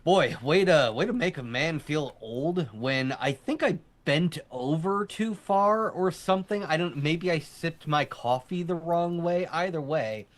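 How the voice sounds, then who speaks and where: A man's voice: fairly high pitch, animated, a little slow, hardly any pauses. A man co-hosting a casual live show, chatty and rambling, laughing often and teasing his partner. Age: adult army veteran. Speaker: co-host. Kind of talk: casual podcast chat.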